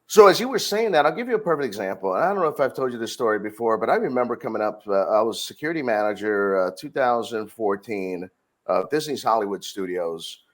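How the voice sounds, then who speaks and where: A man's voice: lowish voice, fast. A middle-aged man speaks as a podcast guest, telling a story from his working life. He acts out the exchanges with plenty of energy and keeps the tone conversational. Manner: animated storyteller, acts out dialogue. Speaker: podcast guest, security director.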